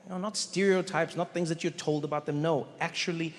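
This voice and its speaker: A man doing stand-up storytelling in a large live venue, animated and acting out voices. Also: on the high side, fairly quick. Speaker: stand-up comedian. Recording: echoey hall with crowd noise. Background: audience laughter.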